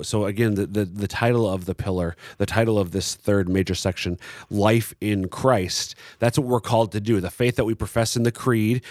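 A man co-hosting a Catholic teaching talk, explaining in a halting way with many restarts and fillers. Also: on the low side, darkish tone, no room sound, clean studio sound. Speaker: Catholic catechism teacher, co-host.

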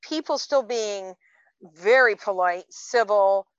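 A woman's voice: medium pitch, takes it slowly, smooth, dry recording. A woman in her fifties chats casually on a podcast, telling her stories with lots of ums. Her voice sits in an ordinary middle range. The recording is muffled and very dry, with no room sound. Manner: chatty storyteller, many fillers. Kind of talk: casual chat.

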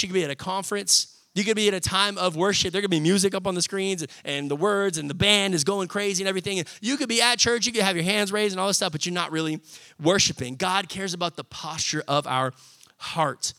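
A young man preaching a sermon, energetic and conversational, often calling out to the congregation. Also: high voice, fairly quick, no echo. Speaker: pastor.

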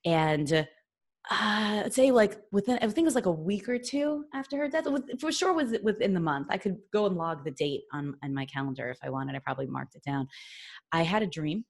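A woman from New York, a podcast guest, telling a personal story in a chatty, animated way with lots of fillers and restarts. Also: on the low side, brisk. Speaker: podcast guest, business consultant. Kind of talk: casual storytelling.

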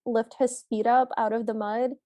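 A woman co-hosting a podcast, retelling a movie scene in an animated way and quoting the characters' lines. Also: a little high, moderate pace, dry recording. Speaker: podcast co-host. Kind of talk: casual movie recap chat.

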